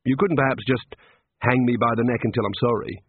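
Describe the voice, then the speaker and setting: A man's voice: medium pitch, fairly even intonation, fairly quick, husky, no echo. A man voicing a whining, cowardly male wizard who sounds exasperated and put upon. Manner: exasperated and whiny. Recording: narrow phone-like band.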